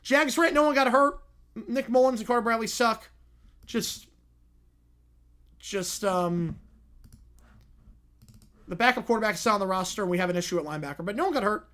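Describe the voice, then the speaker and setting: A young man hosting a casual livestream, answering viewer questions with quick reactions and frequent "yeah"s. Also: high voice, animated, a bit bright. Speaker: livestream host reading chat.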